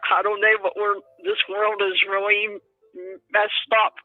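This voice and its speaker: A man's voice: high voice, monotone, normal speed, no echo. A man calling in to a talk show, agreeable and mostly giving short replies with little chuckles. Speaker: caller. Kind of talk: call-in conversation. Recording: tinny dry phone line.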